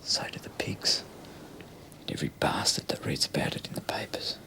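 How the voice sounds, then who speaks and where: An actor playing a leering, menacing Australian criminal who talks crudely and often drops into a rasping whisper. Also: male voice, fairly low pitch, moderate pace, a little hiss or hum, lightly acted. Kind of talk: TV police drama acting.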